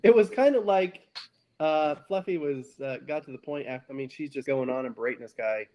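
A man's voice: fairly high pitch, brisk, dark tone. A man in casual podcast chat, joking and chiming in with asides.

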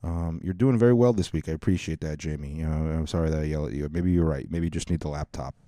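A man's voice: rumbling low, fast talker, warm tone, no room sound, studio quality. A man in his thirties hosting a podcast, telling crude, rambling, comedic stories in a mocking tone. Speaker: podcast host. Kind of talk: casual comedic storytelling.

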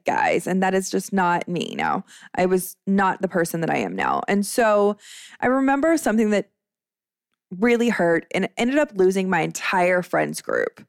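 A woman in her thirties hosts a podcast, telling a personal story in a candid, chatty way full of fillers. Her medium-pitched voice swings widely in pitch at a normal speed, and the dry recording has clean studio sound.

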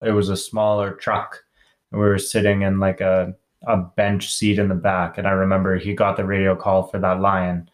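A man's voice: deep voice, level tone, moderate pace, reverberant. A young man co-hosting a casual chat, adding short, dry remarks to shared travel stories. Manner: brief dry interjections. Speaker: co-host and travel partner.

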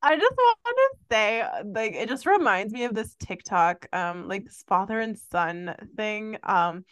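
A woman's voice: medium pitch, animated, measured pace, no room sound, studio quality. A woman from Canada co-hosting a podcast, chatting casually with lots of fillers and frequent laughs. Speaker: podcast co-host. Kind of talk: casual chat.

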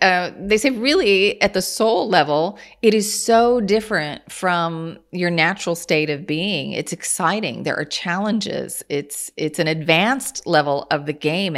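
A woman's voice: on the low side, a bit bright. A woman, from Kansas. She is a guest on an interview and explains her ideas earnestly, with small restarts as she talks. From Kansas, USA. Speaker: guest, channeler. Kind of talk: casual interview talk.

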